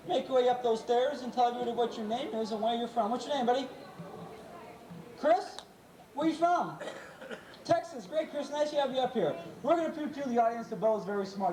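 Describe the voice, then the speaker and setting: A man hosting a live animal show, playful and jokey, calling quick commands to a dog and teasing a volunteer. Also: very high voice, warm tone. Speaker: animal trainer and show host. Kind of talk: live stage show patter. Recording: echoey, distant, crowd noise, amateur camcorder. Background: audience cheers and laughter.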